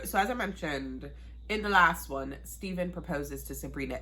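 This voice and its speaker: Bubbly chatty woman vlogger, low-pitched. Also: moderate pace, bright, forceful tone. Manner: bubbly, laughs often, talks to viewers. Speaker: TV recap vlogger. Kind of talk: casual chatty recap.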